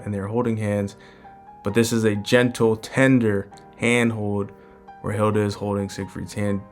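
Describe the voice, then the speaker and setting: A man with a lowish voice hosts a manga breakdown in relaxed, chatty commentary full of "like" and "you know". Soft plucked guitar music sits quietly under his voice. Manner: casual, uses fillers like "like" and "you know". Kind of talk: casual commentary.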